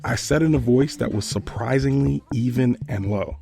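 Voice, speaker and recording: A man hosting a podcast, retelling a personal story in a measured, earnest way. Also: mid-range voice, gravelly, over music.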